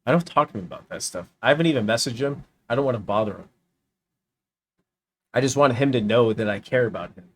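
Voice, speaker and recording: A young American man streams a heated, profane reaction rant. His voice sits at medium pitch, with a slight hiss or hum in the audio.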